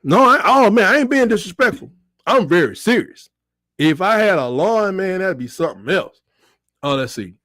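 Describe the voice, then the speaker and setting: Middle-aged guy on a sports livestream, high voice, bounces all over, dry close sound. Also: normal speed, dry recording. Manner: animated, joking, reads out chat comments and bursts into high squeals. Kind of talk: casual livestream commentary.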